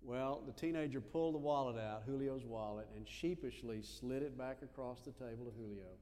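A man preaching a sermon, telling a story in a lively, animated way with little asides. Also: medium pitch, fairly quick, big-room sound. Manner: animated storyteller, acts out voices in quotes.

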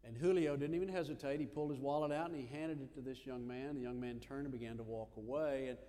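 A man preaching a sermon, telling a story in a lively, animated way with little asides. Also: medium pitch, fast talker, long reverb tail. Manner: animated storyteller, acts out voices in quotes.

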